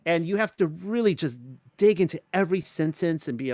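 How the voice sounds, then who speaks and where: A man's voice: on the high side, animated, brisk, mellow, dry recording. Rambling man teaching a dry Bible study. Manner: rambling, with many restarts and fillers. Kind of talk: casual spoken Bible study talk.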